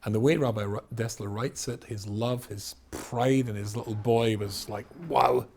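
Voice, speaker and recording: A man from Scotland, a rabbi giving a storytelling lecture, animated, with loud exclamations and quiet asides. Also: fairly low pitch, normal speed, vocal fry, slight background noise.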